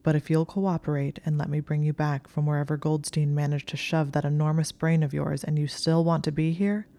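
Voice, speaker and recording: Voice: mid-range voice, little pitch movement, a little fast, warm tone, natural voice. A reader voicing a sardonic, exasperated young male wizard in an audiobook reading, with clipped, strained, firm delivery. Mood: dry.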